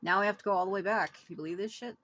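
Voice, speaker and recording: A woman's voice: mid-range voice, steady tone, very fast, fairly bright tone, a little hiss or hum. A woman giving casual let's-play commentary as a gameplay video creator, blunt and swearing freely, yelping at jump scares, recorded on a phone.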